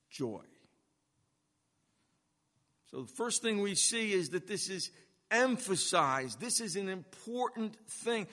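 A male pastor delivers a sermon in a high, bright voice, taking his time and hammering key words with repetition. His words ring out with a long reverb from a large church hall. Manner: deliberate preaching with emphatic repeated phrases.

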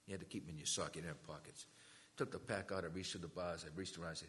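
A man's voice: deep voice, animated, rapid-fire, fairly bright tone. A man telling his conversion story as a sermon, acting out the voices of the people in it. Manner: storytelling, acts out quoted voices. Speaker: preacher giving testimony. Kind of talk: testimony sermon. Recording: long hall reverb.

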